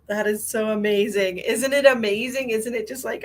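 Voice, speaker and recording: A woman hosting a live stream as a psychic medium, chatting casually and greeting viewers by name with endearments, swinging between bright exclamations and low asides. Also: steady tone, fairly quick, few pauses.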